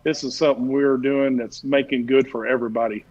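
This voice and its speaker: A man's voice: medium pitch, fairly even intonation, fairly quick, darkish tone. A man telling a long, rambling story in casual chat, full of "uh" fillers. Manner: rambling, folksy, many "uh" fillers. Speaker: barbecue class teacher and guest. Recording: dull lo-fi stream audio.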